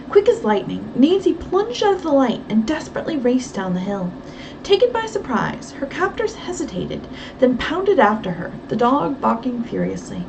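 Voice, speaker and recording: A woman reading a novel aloud with expressive, brisk storytelling, a bit distant over faint background noise. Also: high-pitched, gravelly. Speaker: reader.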